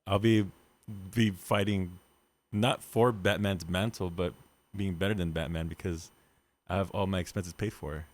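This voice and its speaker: A man co-hosts a podcast, chatting casually. He's playful and laughs easily, his pitch lively.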